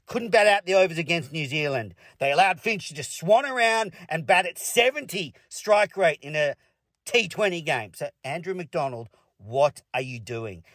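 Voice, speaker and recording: Australian man, blunt sweary sports rant, high-pitched voice, dry close sound. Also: animated, normal speed, fairly bright tone, dry recording. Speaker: podcast host. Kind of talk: ranting sports commentary.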